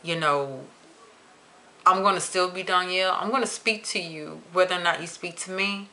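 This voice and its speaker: A young adult woman vlogging to camera in a chatty, expressive way, stretching words for emphasis. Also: fairly low pitch, normal speed. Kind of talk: casual chat to camera.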